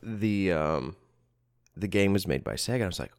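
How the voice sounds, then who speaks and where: A man with a very deep, gravelly voice chatting on a podcast, rambling as he goes. His tone is smooth and resonant under the fry, with lively swings in pitch. The sound is dry and close. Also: a little fast, dry recording. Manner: rambling, laughs along, loose with word order. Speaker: podcast co-host. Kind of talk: casual chat.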